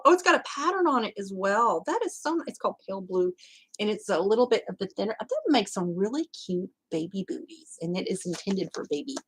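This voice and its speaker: A woman's voice: mid-range voice, slightly rough, poor audio. A woman hosting her crafting channel, unboxing a gift and chatting, gushing and exclaiming, often choked up and close to tears. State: tearful, choked up. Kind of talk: casual vlog unboxing chat.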